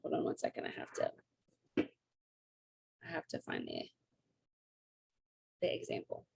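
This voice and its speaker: A young woman coaching her team on a video call, chatty and upbeat, with quick asides and bits of quoted dialogue. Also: extremely low pitch, wildly swooping pitch, creaky, darkish tone, husky, no echo.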